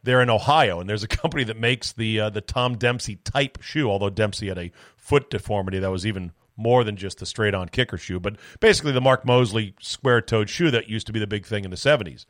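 A man's voice: lowish voice, fast talker, fairly bright tone, dry recording, studio quality. A man hosting a solo sports podcast, telling loose, rambling stories with casual profanity. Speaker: sports talk podcast host.

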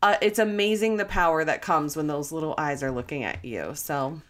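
A woman co-host reflects sincerely in a relaxed conversation. Her voice sits somewhat low for a woman. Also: a little fast. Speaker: podcast co-host. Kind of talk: casual interview chat.

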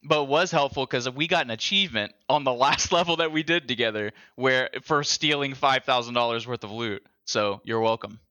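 A man's voice: medium pitch, moderate pace, hardly any pauses, pushed and bright, dull audio. A man co-hosting a casual gaming podcast, telling profane, laughing stories. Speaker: podcast co-host.

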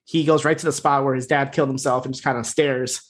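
A man's voice: medium pitch, fairly even intonation, quick pace, fairly bright tone. A man co-hosting a podcast, casually recapping a TV episode in a rambling, filler-heavy way and swearing freely. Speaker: podcast co-host.

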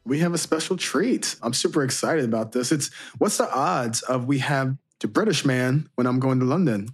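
A man's voice: medium pitch, moderate pace, slightly rough, soft background music. A man co-hosting a casual podcast chat in a playful, jokey way. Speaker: podcast co-host.

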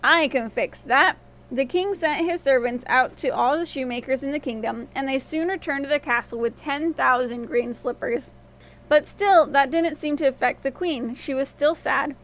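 A woman storyteller narrating a fairy tale in a gentle, expressive reading voice. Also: high voice, normal speed.

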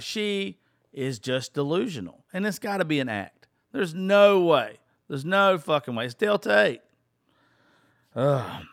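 A man's voice: mid-range voice, fairly bright tone, no echo. Man, podcast host, blunt profane storyteller, dry close sound. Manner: blunt, cussing, exasperated.

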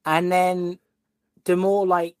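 A man, a guest co-host and wrestling columnist, ranting in an animated, exasperated way during casual podcast chat. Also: high voice, slow pace, clean tone, no echo.

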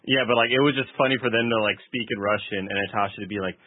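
A man's voice: on the low side, fairly even intonation, very fast, dry recording. A man on a podcast joking around casually about a movie scene. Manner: joking, laid-back. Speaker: podcast co-host. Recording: dry phone-like audio.

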